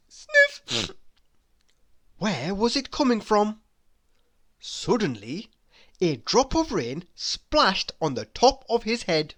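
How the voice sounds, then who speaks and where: Children's read-aloud storyteller, female; unhurried and bouncy, playful and teasing with the listener. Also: mid-range voice.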